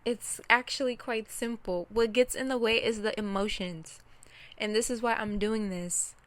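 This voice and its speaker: A woman's voice: a little high, fairly even intonation, normal speed. Emotional woman reflecting aloud. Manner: candid, emotional, talks to herself and viewers. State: close to tears. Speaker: self-reflection vlogger. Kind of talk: unscripted personal reflection.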